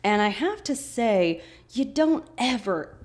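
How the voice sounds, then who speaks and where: A woman's voice: a little high, big pitch swings, slow pace, a little mellow. A woman hosting a podcast who chattily recaps a TV episode and acts out the characters' lines. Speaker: podcast host.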